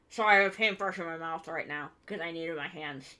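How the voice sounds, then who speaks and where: A woman's voice: deep voice, a little fast, bright, forceful tone. A woman streamer chatting casually and thinking aloud as she builds a model kit live. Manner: chatty, thinking aloud while working with her hands.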